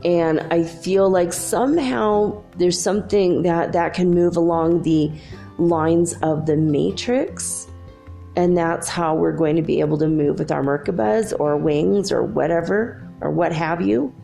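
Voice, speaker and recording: A middle-aged woman hosting a podcast, telling a dream in a chatty, animated way and laughing often. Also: on the low side, unhurried, creaky, soft background music. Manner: chatty, animated, laughs often, quotes herself and her son. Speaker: podcast host. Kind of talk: casual spiritual storytelling.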